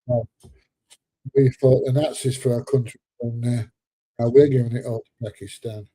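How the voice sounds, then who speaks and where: A seventy-year-old Englishman, a little bunged up, talks in a loose, joking way on his live stream. His voice is deep, mellow and very husky. The sound is close and dry, with no room around it. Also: steady tone, normal speed, dry recording. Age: 70s. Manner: chatty and joking, laughs often, drops into slang. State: a bit congested. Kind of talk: casual live-stream chat reading viewer comments.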